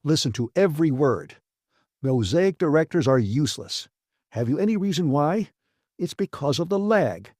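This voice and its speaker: A man's voice: on the high side, big pitch swings, moderate pace, a little mellow, no echo, clean studio sound, pitched above the performer's own voice. A man narrating an audiobook, voicing a hot-tempered male engineer who snaps and commands. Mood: lecturing. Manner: snapping, commanding, exasperated. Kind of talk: audiobook character voice.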